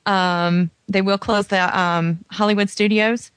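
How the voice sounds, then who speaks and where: A woman's voice: medium pitch, steady tone, unhurried, smooth, no echo. A woman co-hosting a call-in radio show, chatty and informative, with lots of fillers. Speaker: radio co-host. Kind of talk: casual call-in radio chat.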